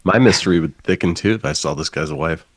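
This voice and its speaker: A man's voice: a bass voice, fast. A man in casual film discussion, enthusiastic and joking crudely.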